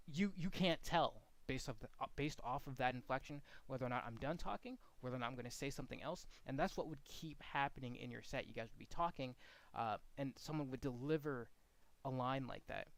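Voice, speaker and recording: A man's voice: mid-range voice, fairly quick, dry recording. Blunt, casual man coaching commentators. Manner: frank, blunt, demonstrates commentary inflection. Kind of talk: casual feedback lesson.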